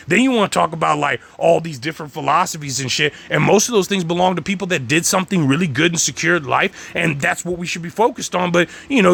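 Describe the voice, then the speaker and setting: A man's voice: on the high side, vocal fry, sharp tone. A man delivering a heated, rambling rant monologue, swearing constantly as he talks. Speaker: channel host.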